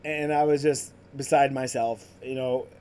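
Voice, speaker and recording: A man's voice: mid-range voice, fairly even intonation, unhurried, a little mellow, smooth. A man hosting a podcast, telling his personal faith story in a casual, conversational way with many fillers. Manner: conversational, full of "like" and "you know" fillers. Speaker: podcast host sharing his ministry story.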